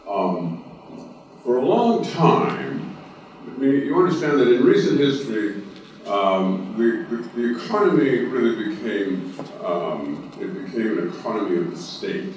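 On a conference panel, a man from Cape Breton, Nova Scotia, tells stories in a folksy way with a local accent, lots of fillers, and frequent restarts. His medium-pitched, slightly dark voice has lively intonation and a measured pace. The hall recording is roomy and distant, with a slight hiss or hum.

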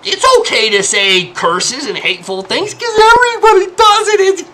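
A man putting on the voice of a gleeful, mocking young online troll, high-pitched and sing-song. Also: normal speed, heavy background noise. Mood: gleeful mockery.

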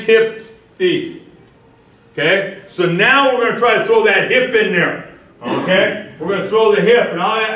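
A man's voice: on the high side, fairly bright tone. A man coaching defensive line drills, checking in with "okay?" and calling out drill cues. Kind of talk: coaching clinic demonstration. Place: indoor training facility with a wall. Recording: echoey indoor space, mic held far off.

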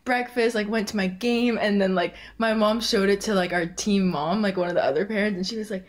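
A woman's voice: medium pitch, a little fast. Chatty young woman full of fillers. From San Francisco Bay Area, USA. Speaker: podcast guest. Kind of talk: casual podcast chat.

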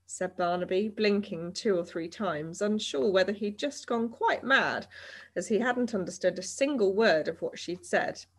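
A woman reading a children's novel aloud with expressive, animated storytelling. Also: mid-range voice, moderate pace, slightly rough. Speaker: reader.

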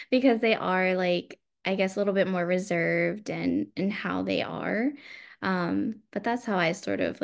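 A woman speaking candidly but hesitantly, with many fillers, in a casual book club discussion. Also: mid-range voice.

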